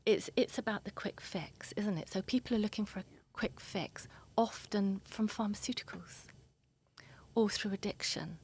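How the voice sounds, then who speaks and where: Breathy woman therapist explaining softly. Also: medium pitch, normal speed, whispered. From England. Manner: soft, breathy, earnest explaining. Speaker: therapist guest. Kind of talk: explanatory interview talk.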